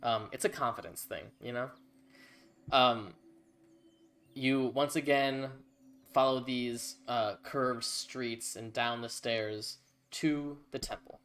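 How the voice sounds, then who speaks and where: A man's voice: medium pitch, steady tone, slow, a bit bright. A man narrating a tabletop game as game master, casual and rambling.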